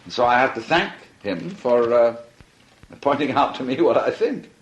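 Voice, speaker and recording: A man's voice: mid-range voice, expressive, normal speed, lo-fi sound. A man giving a reflective philosophy talk, musing and playful, often laughing as he speaks. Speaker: philosophy lecturer. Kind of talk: reflective archival lecture.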